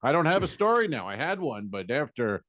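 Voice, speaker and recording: A man's voice: medium pitch, a little fast, no room sound. A man co-hosting a comedy podcast, telling a rambling story and acting out what people said. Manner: rambling, animated, quotes people in voices. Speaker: podcast co-host. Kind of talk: casual storytelling.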